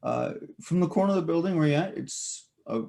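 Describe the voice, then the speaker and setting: A man narrating a tabletop game as game master, casual and halting with many fillers. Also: fairly high pitch, animated, creaky, warm tone.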